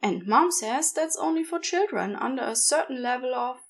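A woman's voice: sits high, lively intonation. A woman voicing a nervous, earnest young boy. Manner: nervous, halting, pleading. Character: anxious, earnest young boy who argues. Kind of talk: audiobook character reading.

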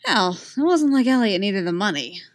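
A woman reading a novel aloud at a measured pace. Her pitch sits in an ordinary middle range, and her telling is steady and even. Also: no echo. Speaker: audiobook narrator. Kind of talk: scripted narration.

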